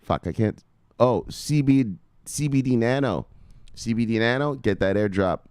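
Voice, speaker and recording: A man's voice: mid-range voice, normal speed, smooth, dry recording. Brash man hosting a crypto stream. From United States. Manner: loose, swearing, joking, shouting "bang" at viewers' names. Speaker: crypto video host. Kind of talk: casual live-stream chat.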